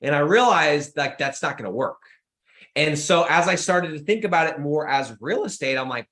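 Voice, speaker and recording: A young man hosting a podcast, delivering an excitable motivational monologue with lots of emphatic repetition. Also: on the high side, moderate pace, echoey room. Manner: excitable, emphatic, repeats words when pumped. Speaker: podcast host.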